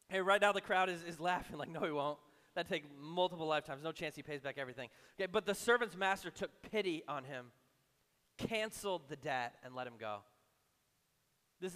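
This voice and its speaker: High-voiced conversational preacher in a hall. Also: male voice. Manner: conversational, acts out imagined voices, drops low and soft for emphasis. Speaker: pastor. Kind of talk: sermon.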